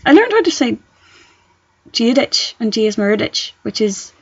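A young woman co-hosting a podcast, giggly and excitable as she chats. Her voice sits a touch high, with a gravelly, husky grain. The recording is dry and a little dull, like a cheap home setup. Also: unhurried, no room sound. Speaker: podcast co-host. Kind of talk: casual chat.

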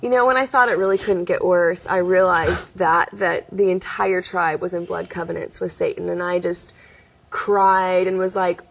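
Breathy earnest woman telling a story. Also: on the low side, fairly even intonation, normal speed. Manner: earnest, storytelling with quoted voices. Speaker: guest. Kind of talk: interview testimony.

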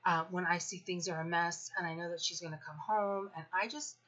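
A woman in her fifties tells a personal story in a frank, sarcastic way, swearing freely as she goes. Her voice is bright and forceful, with a sharp edge on the stressed words. The recording is dull and lo-fi, with the top end muffled. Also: lowish voice, steady tone, fairly quick. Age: 50s. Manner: blunt, profane, sarcastic storytelling. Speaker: parenting vlogger. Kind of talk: candid personal venting.

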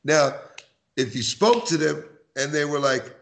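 Gravelly, animated man from New York. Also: a little high, unhurried, a little hiss or hum. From New York City. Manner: animated and barky, acts out quoted lines with laughs. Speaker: podcast guest. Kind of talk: casual podcast conversation.

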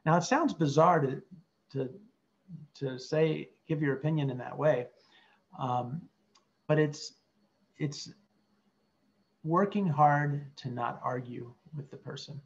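A middle-aged man, a clinical psychologist, teaching a workshop in an earnest way and modelling calm, empathic replies. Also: fairly high pitch, slow pace, vocal fry, long pauses, lo-fi sound. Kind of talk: teaching workshop with role-play examples.

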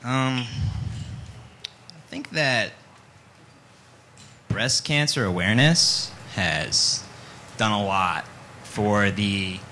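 Young male stand-up, bright lively delivery, faint hiss on a live stream. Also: medium pitch, low-quality recording. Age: young adult. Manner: deadpan storytelling with animated quoted lines. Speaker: stand-up comedian. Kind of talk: stand-up comedy set. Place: live venue with audience.

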